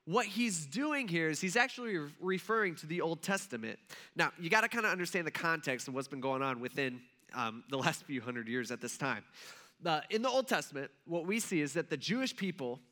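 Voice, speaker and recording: A man's voice: fairly high pitch, very animated, a little fast, bright, forceful tone. A man from Ohio giving a casual Bible lesson, chatty and checking in with his listeners. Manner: conversational, checks in with listeners, many fillers. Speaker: Bible teacher.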